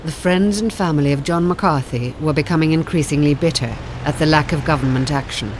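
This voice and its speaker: A woman giving calm, scripted documentary narration. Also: low-pitched, fairly quick, slight background noise. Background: music.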